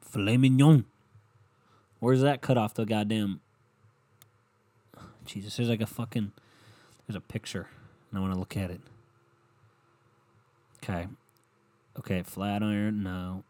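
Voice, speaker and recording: A man's voice: lowish voice, level tone, measured pace, pauses often, warm tone, no room sound. Profane rambling podcast host man. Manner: profane, rambling, laughs at own jokes. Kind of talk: crude comedic solo podcast.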